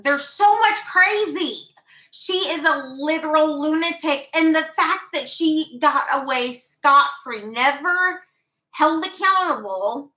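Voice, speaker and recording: A woman's voice: high voice, sharp tone. A young woman vlogger rambling through a personal story in candid, profane casual talk. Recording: roomy echo.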